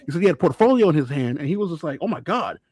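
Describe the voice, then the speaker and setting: A man's voice: fairly high pitch, rapid-fire, no room sound. A man co-hosting a casual podcast panel who tells stories with animation. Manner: animated storyteller. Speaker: podcast co-host.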